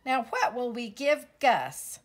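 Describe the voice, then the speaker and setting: A woman voicing a bossy little female mouse in a storybook, excited and exclaiming. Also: a little high, slow, breathy edge, voice pushed up, exaggerated voice.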